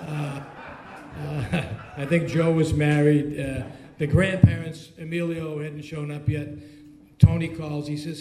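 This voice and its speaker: A man's voice: fairly high pitch, moderate pace. A man telling a story to friends, acting out the lines he quotes. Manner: animated, acts out quoted lines. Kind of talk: casual storytelling. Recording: echoey room.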